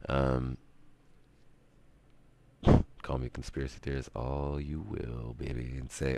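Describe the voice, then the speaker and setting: A man with an extremely low, gravelly voice rambles through a stream monologue. He rants and muses, trailing off into long pauses between thoughts. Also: level tone, darkish tone. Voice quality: very deep gravelly voice. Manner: ranting, musing, drawn-out pauses.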